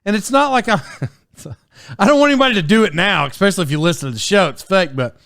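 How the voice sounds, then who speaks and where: High-voiced rambling man in his forties. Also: expressive, fast, gravelly, fairly bright tone, dry recording, studio quality. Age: 40s. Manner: rambling, with frequent fillers and restarts. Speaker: podcast host. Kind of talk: casual solo podcast storytelling.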